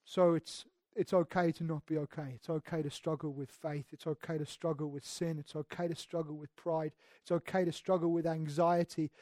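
A male pastor preaching a sermon in a church, earnest, moving between hushed passages and emphatic ones and often restarting his words. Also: fairly high pitch, level tone, moderate pace, few pauses, no echo, clean studio sound. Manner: repeats words when restarting.

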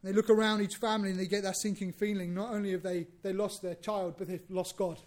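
High-pitched guy giving a sermon, lively, repeats himself a lot. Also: fast talker. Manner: animated, acts out biblical dialogue, repeats himself. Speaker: preacher.

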